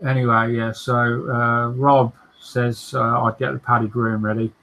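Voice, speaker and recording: A man hosts a relaxed livestream, taking his time as he reads out viewer comments. His talk is full of fillers and small restarts, and he often breaks into laughter. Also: medium pitch, a little slow, low-quality recording. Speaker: host of a modelling livestream. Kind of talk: casual chat, reading out viewer comments.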